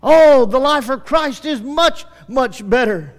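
Male preacher, very high voice, fervent revival sermon, hushed to shouting, long hall reverb. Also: animated, takes it slowly. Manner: impassioned, swings from hushed to shouting. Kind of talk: evangelistic sermon. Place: church service.

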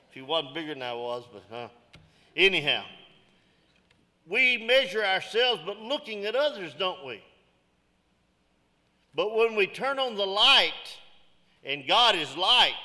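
Middle-aged male pastor, high bright voice, folksy sermon, church reverb. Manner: folksy, preaching with call-outs and jokes.

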